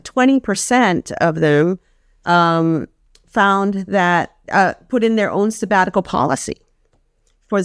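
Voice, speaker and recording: A woman guest with a voice on the low side talks casually and earnestly about a sabbatical grant program. She tells stories and acts out the voices of the people she quotes. The recording is dry, with clean studio sound.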